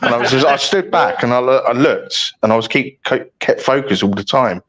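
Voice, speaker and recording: A man's voice: medium pitch, a little fast, a bit bright, slightly rough, poor audio. A British man talking as a guest, telling rambling, self-mocking stories with lots of restarts. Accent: British English. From United Kingdom. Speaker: guest paranormal investigator. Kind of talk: casual storytelling chat.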